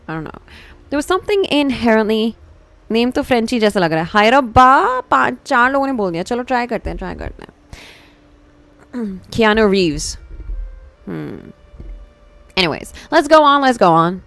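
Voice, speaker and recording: A woman with an Indian accent streaming a horror game live, excitable and switching between Hindi and English. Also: fairly high pitch, very fast, no room sound.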